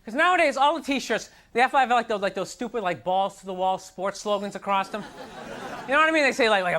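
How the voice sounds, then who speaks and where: A man's voice: high-pitched, expressive, quick pace, pushed and bright. A man doing a stand-up comedy routine on a theater stage, ranting in an exasperated way and jumping into whiny mock voices. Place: theater stage before a live audience. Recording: live recording with crowd laughter and noise.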